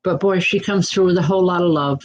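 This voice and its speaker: Woman, psychic medium, gentle, reassuring, live readings, calls out names, lots of ums. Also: fairly low pitch, quick pace, muffled recording. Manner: gentle and reassuring, addresses viewers by name, frequent "um" fillers. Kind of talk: live-streamed spirit readings for viewers.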